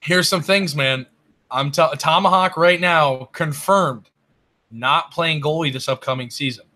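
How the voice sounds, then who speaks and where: A man in loose group banter on a gaming podcast, swearing freely and teasing his friends. His voice sits a little high and sounds bright and tense. He talks loud and laughs at his own jokes. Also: a little slow. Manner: loud, profane, laughing ribbing. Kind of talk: casual group chat.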